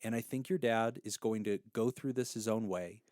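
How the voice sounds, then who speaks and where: A man's voice: on the low side, moderate pace, a little mellow, dry recording, clean studio sound. Earnest man in his thirties giving advice. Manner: earnest, heartfelt storytelling. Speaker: podcast host giving advice. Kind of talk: casual advice podcast.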